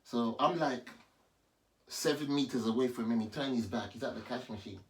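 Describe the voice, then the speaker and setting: A man, a pastor, giving an animated personal testimony in a vlog and repeating himself as he talks. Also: medium pitch, moderate pace. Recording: distant mic with faint background noise.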